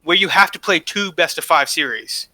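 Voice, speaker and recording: Man, podcast co-host, very bright tone, dry close sound, emphatic, opinionated game analysis. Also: on the high side, lively intonation, normal speed, no room sound. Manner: opinionated, emphatic, repeats points. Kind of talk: casual esports analysis chat.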